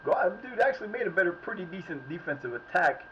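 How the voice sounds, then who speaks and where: A man's voice: sits high, big pitch swings, fast. Rambling man muttering over a game stream. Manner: rambling, muttering to himself, reacting loudly to plays. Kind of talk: casual live-stream commentary. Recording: slightly muffled with faint background noise.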